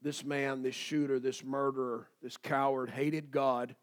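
A pastor preaching a sermon, swinging between loud declarations and quiet asides. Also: male voice, medium pitch, little pitch movement, measured pace.

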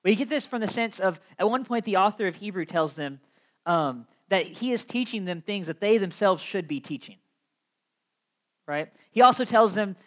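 A young man delivers a sermon from the pulpit. His voice sits high for a man, and he tells his story in an animated way, laughing often and swinging between loud and soft. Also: normal speed. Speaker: preacher.

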